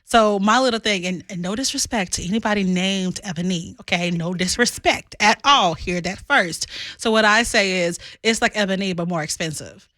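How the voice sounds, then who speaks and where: Bright-voiced woman hosting a radio interview. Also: mid-range voice, normal speed, no room sound, clean studio sound. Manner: playful, laughs often, teasing. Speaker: radio show host. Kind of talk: casual interview chat. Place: radio studio.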